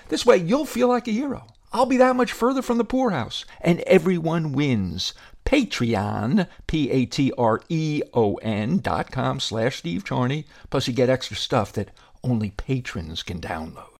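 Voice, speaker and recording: A man's voice: medium pitch, lively intonation, a little slow, gravelly. A man hosting a comedy podcast as a ventriloquist, joking and punning as the straight man to his dummy.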